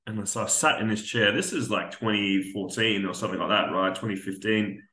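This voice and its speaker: A man's voice: lowish voice, brisk, sharp tone. A man, a veteran on a podcast, telling a raw, candid personal story and swearing freely. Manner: raw, candid, swears often, acts out dialogue. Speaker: podcast guest, army veteran. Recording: roomy echo.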